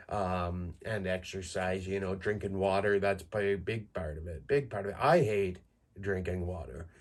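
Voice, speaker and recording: A man in his thirties from Canada hosts a podcast alone, talking through crude, self-mocking stories. His voice sits a little low, and he keeps breaking into laughter partway through lines. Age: 30s. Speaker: podcast host. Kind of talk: casual monologue.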